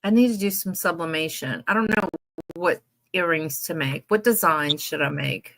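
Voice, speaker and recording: A woman's voice: low voice, normal speed, vocal fry, a bit bright, slight background noise. A woman co-hosting a casual live-stream chat with a friend, easygoing and chatty, sometimes turning to talk to someone off-camera. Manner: chatty and easygoing, talks to people off-camera between remarks. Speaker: co-host.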